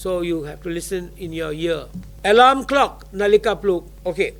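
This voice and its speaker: A man's voice: high-pitched, lively intonation, very fast, vocal fry, fairly bright tone, faint music behind. A man teaching a university class in a lecture style, drilling words aloud and mixing in Thai explanations. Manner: mixes English and Thai, drills vocabulary aloud.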